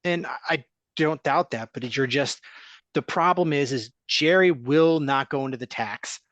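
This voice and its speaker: A man's voice: a little high, unhurried, fairly bright tone, dry recording. A man hosting a casual sports podcast, ranting as he stacks up complaints.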